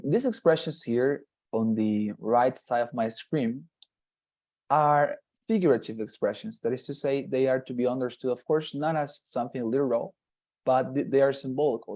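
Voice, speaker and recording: Speaking at a medium pitch in a mellow voice, this man tutors English one-on-one on a video call. He's patient and slow, full of fillers and restarts, and the recording has its highs cut off.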